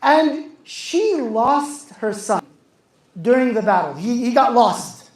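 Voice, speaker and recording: A man's voice: very high-pitched, expressive, slow pace. A man telling a religious story to young people, speaking with passion, repeating phrases and asking the audience questions. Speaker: youth speaker. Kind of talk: religious talk to a youth audience. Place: youth center hall. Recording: echoey hall.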